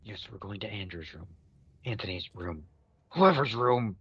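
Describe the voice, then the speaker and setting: A player in a tabletop horror game, talking quickly and planning moves aloud. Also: low-pitched, fairly even intonation, slightly rough, no room sound, lo-fi sound. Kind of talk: casual tabletop game play.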